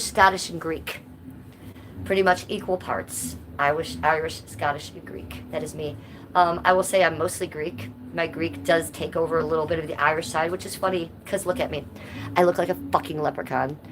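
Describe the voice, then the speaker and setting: Chatty woman live streamer, noisy background. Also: sits low. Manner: chatty, reads chat aloud and answers viewers. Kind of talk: casual live-stream chat.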